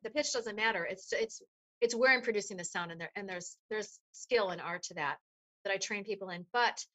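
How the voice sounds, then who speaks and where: Bright, animated woman voice coach. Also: a little high. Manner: animated, explanatory, demonstrates vocal resonance. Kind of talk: interview conversation.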